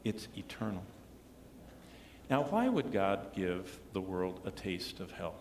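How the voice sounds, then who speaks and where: A male pastor delivers an earnest sermon in a big church sanctuary, his voice ringing with a long, roomy reverb. He swings between firm declarations and low, hushed emphasis, with a faint murmur of the room behind him. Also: big pitch swings, takes it slowly, a little hiss or hum. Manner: earnest preaching, dropping to hushed tones for emphasis.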